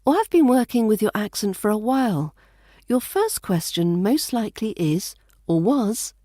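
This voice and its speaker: A woman with a British RP accent hosts a scripted podcast lesson, measured and quietly wry. Her tone is warm and mellow rather than bright. The recording is dry and close, with no room sound. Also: mid-range voice, lively intonation, no echo. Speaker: accent coach and podcast host.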